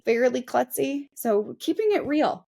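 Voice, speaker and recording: Chatty self-deprecating woman, fairly high voice. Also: big pitch swings, unhurried, creaky, dark tone. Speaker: real estate agent, guest. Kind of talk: casual interview chat.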